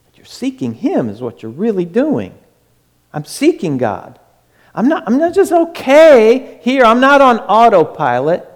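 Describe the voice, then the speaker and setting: A man preaching a sermon with fervor, moving between loud urging and a soft hush. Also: extremely high pitch, huge pitch swings, measured pace, in a large hall.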